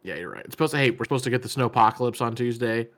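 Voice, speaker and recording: A man co-hosting a casual podcast, telling animated stories, acting out what people said and swearing freely. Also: medium pitch, very fast. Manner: animated storyteller, acts out quotes, swears. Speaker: podcast co-host.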